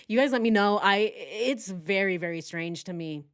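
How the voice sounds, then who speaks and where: A woman's voice: medium pitch, expressive, a little slow. A woman hosting true crime commentary, talking sarcastically and speaking straight to her viewers. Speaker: host.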